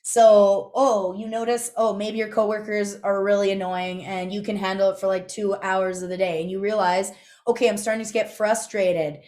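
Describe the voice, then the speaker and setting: A woman's voice: mid-range voice, level tone, moderate pace, few pauses, darkish tone. A young adult woman teaching a live online class in a chatty, conversational way, often checking in with her listeners. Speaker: instructor. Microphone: video call.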